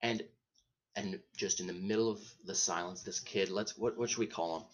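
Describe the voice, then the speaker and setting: A man's voice: low voice, normal speed. A man hosting a podcast, telling a comedic story in a rambling, profane way, often interrupting himself and laughing at his own tale. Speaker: podcast host.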